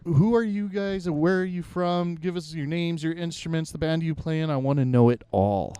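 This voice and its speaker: A man's voice: fairly high pitch, normal speed, mellow, clear, resonant tone, no room sound. A man hosting a casual podcast interview outdoors on a city street, talking in an enthusiastic, rambling way and swearing casually. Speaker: podcast host.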